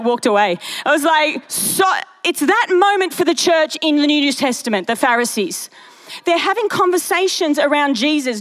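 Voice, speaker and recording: A young woman preaching a sermon in a chatty storytelling way with animated asides. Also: sits high.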